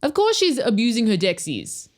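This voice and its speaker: A woman co-hosting a podcast, recapping a TV episode in loose, joking chat and breaking into sudden high squeals. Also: wildly swooping pitch, moderate pace. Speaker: podcast co-host.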